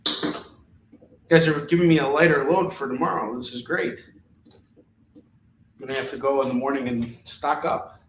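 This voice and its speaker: A man's voice: medium pitch, fairly even intonation, measured pace, long pauses, echoey room, slight background noise, poor audio. A man hosting a live shopping stream, casually rattling off comic books and their prices, with frequent fillers and restarts. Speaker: live shopping show host. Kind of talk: live comic sales pitch.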